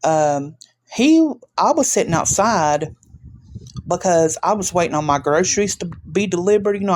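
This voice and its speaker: A woman vlogger telling a story in a casual, emphatic, animated way, with frequent restarts. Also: low-pitched.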